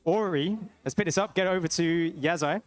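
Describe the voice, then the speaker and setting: A young man co-commentating a live esports match with steady, analytical play-by-play. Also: on the high side, moderate pace, dry recording.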